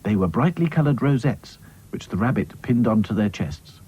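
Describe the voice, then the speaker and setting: A man narrating a children's cartoon story with gentle, expressive storytelling. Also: mid-range voice, moderate pace, slightly rough, muffled recording.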